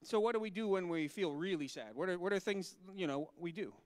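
A male pastor talking gently with children and asking them questions, then reading scripture slowly and solemnly. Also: high voice, expressive, no room sound.

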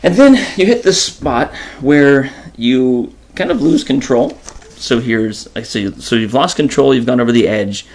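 A man hosting an informal enrichment lesson, animated and chatty as he reads from a children's book. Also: medium pitch, unhurried. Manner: animated, informal, many fillers. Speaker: host and teacher.

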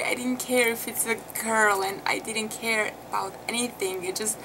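Recorded roughly with clearly audible background noise, a mother shares her birth story in a casual vlog. Her fairly high voice is steady and sharp at a moderate pace, while she stays chatty and emotional with plenty of fillers.

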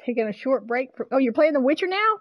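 A woman streaming a game live, chatting casually with viewers, excitable and swearing freely. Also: high voice, fast, no room sound, dull audio.

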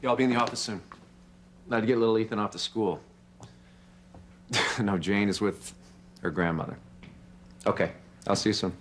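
A young father making a casual phone call, played by an actor, in a somewhat low voice. There is a faint hum behind him. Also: steady tone, moderate pace, long pauses, lightly acted. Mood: breezy.

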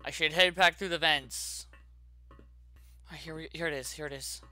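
A man hosting his gaming channel, narrating a horror game as he plays, jittery and saying how scared he is, with sudden loud yelps. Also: a little high, fairly even intonation, moderate pace, dry recording. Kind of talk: horror game let's play commentary.

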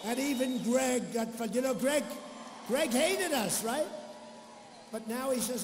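High-pitched older man at a booming rally. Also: takes it slowly, big-room sound, background noise. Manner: boastful, repetitive, off-the-cuff asides. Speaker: politician at a campaign rally. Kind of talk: political rally speech. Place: large arena rally.

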